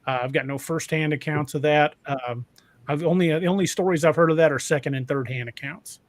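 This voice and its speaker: A man hosting a casual podcast conversation, halting and often restarting his sentences. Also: fairly high pitch, no room sound. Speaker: podcast host.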